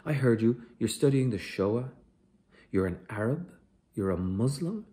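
A man's voice: medium pitch, lively intonation, measured pace, dark tone, lightly acted. A man reading as a sneering airport interrogator. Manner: mocking, aggressive questioning. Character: hostile male airport security interrogator, sneering and suspicious.

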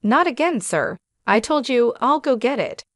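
A woman's voice: fairly high pitch, big pitch swings, moderate pace, no room sound, studio quality. A woman voicing a timid young male junior office worker who speaks deferentially. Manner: deferential, polite.

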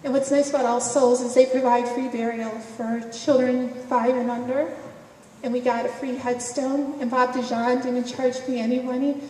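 A woman with a fairly high, mellow voice gives an emotional personal testimony in a conversational way, often laughing between phrases. She is heard from a distance in a large, reverberant hall, with faint noise behind her. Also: little pitch movement, moderate pace. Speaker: speaker sharing a personal story. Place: event hall.

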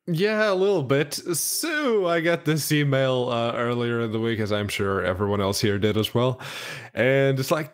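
A man co-hosting a gaming podcast, chatting casually in a relaxed way and laughing often. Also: mid-range voice, normal speed. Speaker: podcast co-host. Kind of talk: casual chat.

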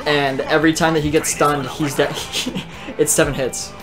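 A man's voice: on the high side, flat delivery, moderate pace. A man playing a boxing game and casually explaining its moves with enthusiasm. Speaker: gaming host, player. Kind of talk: casual gameplay commentary. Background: game music.

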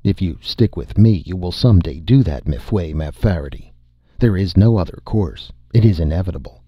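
A man's voice: sits low, animated, moderate pace, no room sound. A man voicing a fierce, impatient young male rebel leader who snarls his lines, in a slightly muffled recording. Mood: grim.

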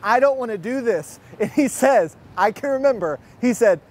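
A young man preaching, his voice pitched high for a man. He tells stories in a lively way and acts out the other speakers' lines as he goes. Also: normal speed. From Fort Worth, Texas. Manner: lively storyteller, acts out quotes. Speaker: pastor. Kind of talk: sermon with personal storytelling. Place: online church service.

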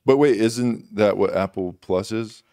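A man's voice: on the low side, measured pace, mellow, dry recording. A man guesting on a studio podcast, chatting along in a laid-back, agreeable way. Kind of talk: casual chat.

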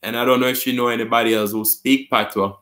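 A man's voice: medium pitch, fairly even intonation, fast talker, fairly bright tone. A man with a Jamaican accent hosting a casual live stream, reading viewer comments aloud, answering them and laughing often.

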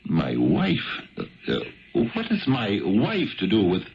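An eager poor Irish husband pleads with a stammer, his pitch swooping wildly up and down. A 1970s radio play with a dull, lo-fi broadcast sound. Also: wildly swooping pitch, slow pace, a little hiss or hum, heavily acted. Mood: pleading. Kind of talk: 1970s radio drama acting.

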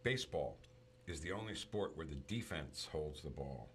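A man chatting casually about movies, retelling scenes in an animated storytelling manner. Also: a bass voice, moderate pace, a little hiss or hum.

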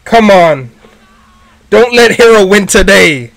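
Excitable man yelling at an anime. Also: high-pitched, takes it slowly, vocal fry, no room sound. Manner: excitable, exclaiming and shouting at the screen. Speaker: anime reaction host. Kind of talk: live anime reaction.

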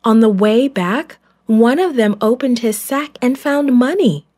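Slow steady woman narrator for a children's bible lesson. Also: fairly high pitch. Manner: slow, clear storytelling.

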